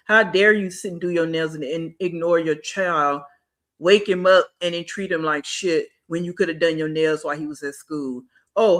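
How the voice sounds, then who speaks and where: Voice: mid-range voice, a bit bright. A reaction channel host giving blunt, scolding commentary and talking back at a clip.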